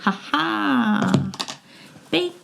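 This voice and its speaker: A woman's voice: high voice, animated, very slow, vocal fry, noisy background. A middle-aged woman co-hosting a knitting show, chatting casually and telling stories with frequent laughs. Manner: chatty, storytelling, laughs often. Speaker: podcast co-host.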